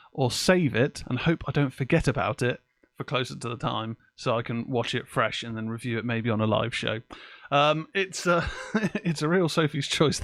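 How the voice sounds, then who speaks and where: Broadcasting a live podcast from a home office with open windows, this man from England talks casually into a desk mic and swears in passing. His voice is medium-pitched and a bit bright, with no echo.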